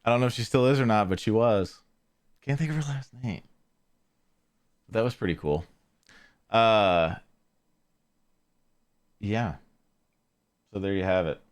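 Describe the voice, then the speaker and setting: A man hosting a podcast, telling a casual story in a rambling way, often correcting himself and trailing off quietly. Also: lowish voice, measured pace, pauses often, clear, resonant tone. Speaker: podcast host.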